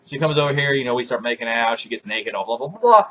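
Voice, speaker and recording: A man in his twenties telling crude, comic stories to camera, cursing freely, laughing often and breaking into loud shouted re-enactments. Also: mid-range voice, expressive, fast. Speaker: vlogger.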